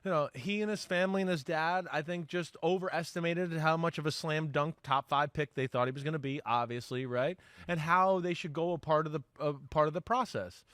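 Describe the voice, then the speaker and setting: A middle-aged former football player talking as a sports analyst, animated, acting out quoted voices and often asking "right?". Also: male voice, fairly high pitch, brisk, hardly any pauses, dry recording, studio quality. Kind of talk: sports talk show chat.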